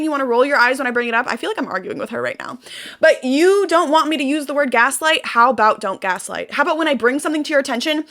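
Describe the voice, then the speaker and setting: A woman's voice: high voice, a bit bright. A young woman vlogger venting to her viewers in an intense, emotional monologue, swearing and repeating phrases for emphasis.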